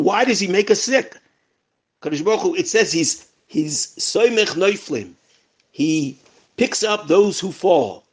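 A man's voice: a little high, slightly rough. A man teaching a recorded lesson on prayer, explaining and telling stories with frequent restarts. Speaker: Torah teacher.

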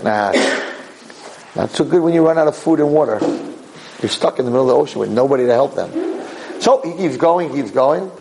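Gravelly, animated male preacher. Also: medium pitch, brisk, pauses often, a little hiss or hum, low-quality recording. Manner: animated, acts out voices. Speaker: Torah lecturer. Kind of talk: sermon storytelling.

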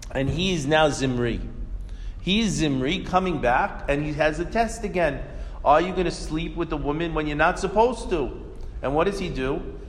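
A man's voice: on the high side, a little hiss or hum. A man teaching a religious class, telling stories animatedly and asking rhetorical questions. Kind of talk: Torah class lecture. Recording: echoey hall reverb.

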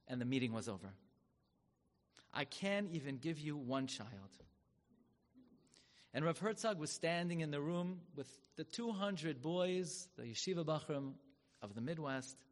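A man with a somewhat high voice tells a sermon as a dramatic story. His words carry a long reverb, as if he speaks in a large hall. He turns loud and high for the big moments. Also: lively intonation, a little slow, long pauses. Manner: dramatic, swells loud and high when acting out quoted rabbis.

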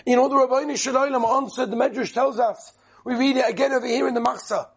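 Husky high-voiced impassioned preacher man. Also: fairly even intonation. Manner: impassioned, emphatic, dramatic pauses. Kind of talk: sermon. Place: study hall.

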